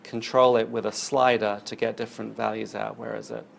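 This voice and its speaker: Male lecturer with a gravelly, fry-heavy voice, thinking aloud through a demo; faint background noise. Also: fairly low pitch, little pitch movement, brisk. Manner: explains while demonstrating on screen, thinking aloud. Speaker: university lecturer. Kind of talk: recorded university lecture.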